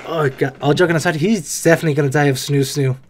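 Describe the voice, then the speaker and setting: A YouTuber reacting to an anime, with casual joking commentary and sudden excited outbursts. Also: medium pitch, quick pace.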